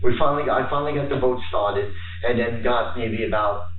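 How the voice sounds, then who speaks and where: Halting man in an echoey interview room. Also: medium pitch, faint music behind. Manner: halting, repetitive, fills with "and stuff". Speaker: interviewee under police questioning. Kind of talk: rambling account under questioning. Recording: echoey, distant, phone-like archive footage.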